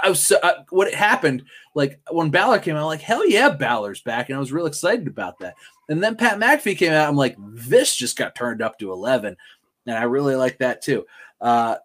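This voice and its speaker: A man co-hosting a podcast, talking in a rambling, excitable way with lots of fillers and restarts. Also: mid-range voice. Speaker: podcast co-host. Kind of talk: casual chat.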